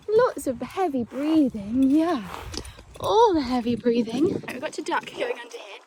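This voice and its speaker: A woman's voice: sits high, very animated, moderate pace, dark tone. A woman vlogging on her phone while walking her horse outdoors, chatty and cooing to the horse, a little out of breath. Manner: chatty, coos baby talk to her horse. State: out of breath from climbing a hill. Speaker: equestrian vlogger. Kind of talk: casual vlog narration while walking a horse. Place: outdoors at a horse yard and on hills. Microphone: phone held while filming. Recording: outdoor phone audio with clear background noise.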